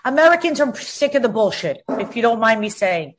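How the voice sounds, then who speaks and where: Woman, 50s, interview guest, combative, emphatic, slightly high voice. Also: very animated, a little fast. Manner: emphatic, combative, repeats words when heated. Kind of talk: outspoken interview talk.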